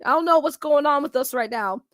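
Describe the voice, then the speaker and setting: Loud excitable woman streamer. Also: high voice, brisk, no room sound. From Boston, Massachusetts. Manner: loud, excitable, laughs often, talks back to chat. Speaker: streamer reacting to videos. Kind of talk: casual reaction stream chat.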